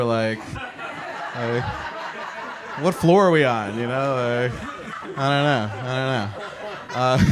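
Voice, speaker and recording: A man's voice: a little high, noisy background. A man hosting a stand-up comedy show, telling stories to a live audience with lots of chatty fillers and laughs at his own jokes. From American suburbs. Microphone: handheld microphone.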